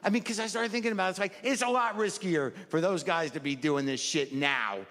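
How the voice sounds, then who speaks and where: A man in his sixties doing a stand-up routine, neurotic and self-deprecating, jumping into high mocking voices. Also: brisk, fairly bright tone. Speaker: stand-up comedian. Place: large comedy venue with live audience. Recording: roomy stage recording with crowd laughter.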